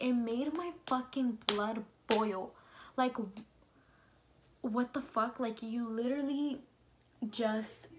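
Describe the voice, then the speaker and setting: A woman's voice: on the high side, a little hiss or hum. A young woman vlogging in her bedroom, ranting heatedly with lots of swearing and "like" fillers. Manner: fired-up, swears a lot, many "like" fillers. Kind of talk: heated opinion rant to camera.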